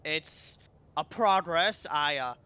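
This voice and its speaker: A man's voice: fairly high pitch, animated, takes it slowly, sharp tone, clear, resonant tone, dull audio. A man playing in a tabletop game, trading dry jokes in casual banter. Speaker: player.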